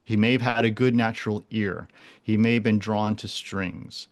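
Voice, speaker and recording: A man's voice: lowish voice, steady tone, moderate pace. A man in his forties, a podcast guest talking casually and earnestly, often restarting and repeating words. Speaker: guest, animal communicator.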